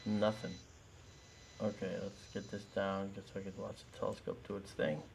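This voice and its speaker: A man hosting a live telescope stream in casual chat, very tired, talking in a relaxed way with many fillers. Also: on the low side, moderate pace, gravelly, a little hiss or hum. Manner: relaxed, thinks aloud with fillers. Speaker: livestream host running a telescope.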